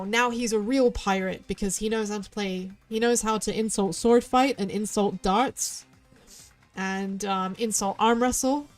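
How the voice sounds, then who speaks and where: Chatty West Country woman streamer. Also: fairly high pitch. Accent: West Country English. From southwest England. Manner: rambling, chatty, quick tangents. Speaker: VTuber streamer. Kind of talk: let's play commentary.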